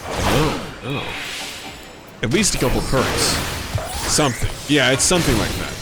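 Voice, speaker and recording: A young man narrating his gameplay in loose, joking commentary, swearing now and then. His pitch rises and falls a lot around a mid-height voice. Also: expressive, a little slow, loud music behind the voice. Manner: joking, swearing, rambling asides. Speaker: streamer.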